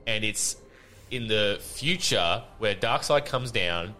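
A man hosting a casual, sweary chat, animated and laughing often. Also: fairly low pitch, takes it slowly, soft background music. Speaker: podcast host.

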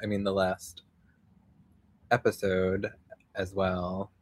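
A young man hosts a live podcast from outdoors, talking in a loose, rambling way, full of fillers and the odd swear. His voice sits fairly low, and he takes his time, drawing out his words at a slow, unhurried pace. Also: flat delivery. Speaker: podcast host. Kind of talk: casual live podcast monologue.

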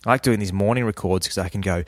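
A man's voice: lowish voice, quick pace, dry recording, studio quality. A man who has just woken up, chatting casually as a podcast co-host and joking around. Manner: jokey, slips into silly put-on voices. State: just woken up, deeper morning voice. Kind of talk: casual chat. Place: Berlin.

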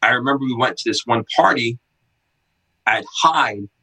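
Middle aged dude telling stories on a podcast, hyped, curses a lot, kinda raspy. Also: male voice, mid-range voice, moderate pace, poor audio. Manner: excitable, swearing, acts out quotes loudly. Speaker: skate shop owner, podcast guest. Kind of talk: casual storytelling.

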